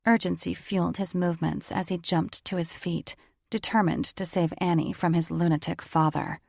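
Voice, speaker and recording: A woman narrating a romance audiobook in an even, measured storytelling voice. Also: on the low side, creaky, no echo, clean studio sound.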